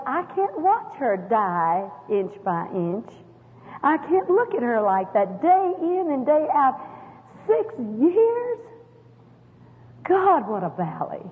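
Woman, middle-aged, high voice, folksy emphatic testimony, tinny echoey hall recording. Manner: folksy, emphatic, with sudden rises and drops. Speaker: women's speaker giving testimony. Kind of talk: spoken testimony to an audience.

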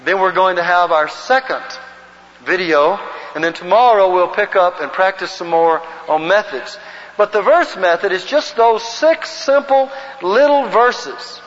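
A man's voice: high-pitched, fairly bright tone. A man from the Southern United States teaching an evangelism class at church, telling a personal story earnestly and leading the group in reciting verses. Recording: muffled recording in a long-reverb hall.

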